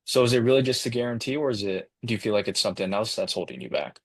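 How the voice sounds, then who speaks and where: A male sales trainee practicing a pitch, hesitant and often restarting his lines as he reads from a script. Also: animated, racing, breathy edge, no echo. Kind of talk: sales role-play practice.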